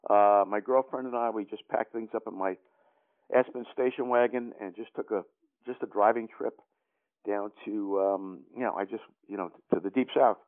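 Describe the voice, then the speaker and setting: A man's voice: lowish voice, fairly even intonation, normal speed. An older man with a New York accent, telling a long story as an interview guest in a rambling way full of fillers and restarts. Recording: tinny phone line.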